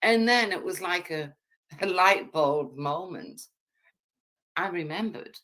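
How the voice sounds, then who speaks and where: A woman with a low voice and lively, rising and falling pitch recounts a past event in a played clip. She tells it hesitantly, often restarting her sentences. Her tone is bright and forceful. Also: takes it slowly.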